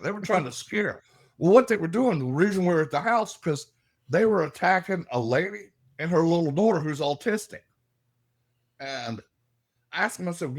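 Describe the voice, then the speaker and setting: A middle-aged man, a guest telling animated stories and laughing as he acts out the voices in them. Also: a little high, moderate pace. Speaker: guest, paranormal investigator. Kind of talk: animated storytelling.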